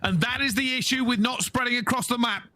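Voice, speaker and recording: A man giving measured, analytical esports commentary in football-commentator phrasing. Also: very high-pitched, slight background noise. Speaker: esports caster. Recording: loud game gunfire behind. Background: game gunfire and clicks.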